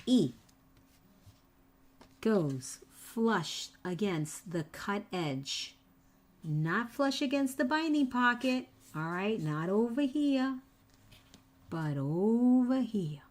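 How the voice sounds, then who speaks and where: A woman's voice: a little high, big pitch swings, slow. A woman hosting a live craft tutorial, chatty and teasing, repeating each step to her viewers. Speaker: papercraft tutorial host.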